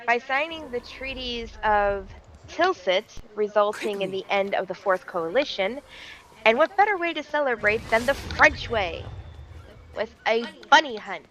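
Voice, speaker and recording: A woman's voice: on the high side, a little slow, rough recording. Theatrical woman telling a story on stream. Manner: animated, theatrical, laughing often. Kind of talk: playful live-stream storytelling.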